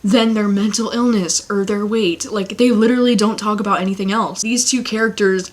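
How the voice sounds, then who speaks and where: A woman's voice: mid-range voice, fairly even intonation, brisk. A young woman giving a casual, blunt book review rant, swearing often and sounding exasperated. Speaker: book vlogger.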